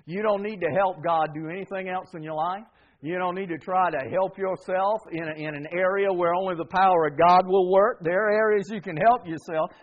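A man with a high voice preaches at a fairly quick pace and a steady tone, the sound phone-quality. Using call-and-response, he gets the congregation repeating after him and stresses key words by saying them again and again.

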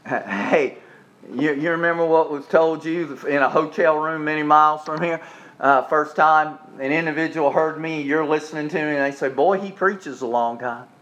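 A man delivers a homespun sermon, joking with his listeners and then leaning hard on slow, repeated points. His voice sits high for a man. The recording is dull and lo-fi. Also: fairly even intonation, fairly bright tone. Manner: folksy, joking preaching with emphatic slowed repetitions. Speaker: pastor.

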